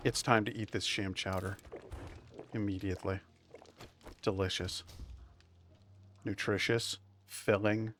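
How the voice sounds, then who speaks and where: A man's voice: fairly low pitch, flat delivery, slow pace, long pauses, fairly bright tone, slight background noise. Wry, chatty man streaming a game. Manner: wry, chatty, talks to himself. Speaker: streamer playing a survival game. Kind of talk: casual gameplay commentary.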